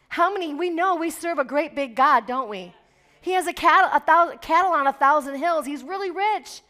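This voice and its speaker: A woman's voice: high-pitched, normal speed, bright, forceful tone. A middle-aged woman pastor preaching a sermon, fervent and emphatic, building in intensity as she exhorts.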